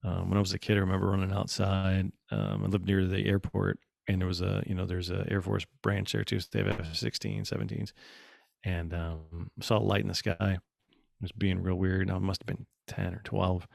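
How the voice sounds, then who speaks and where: A man chatting casually on a podcast, telling animated stories and acting out what people said. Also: deep voice, normal speed, vocal fry, no room sound, clean studio sound. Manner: animated storyteller, acts out quotes. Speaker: podcast guest. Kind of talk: casual chat.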